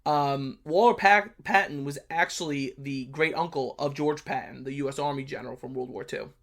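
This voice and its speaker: A man's voice: mid-range voice, moderate pace, fairly bright tone. A man with a blunt New York accent, hosting a history channel and casually talking through a movie review. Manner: blunt, brash, chatty with many fillers.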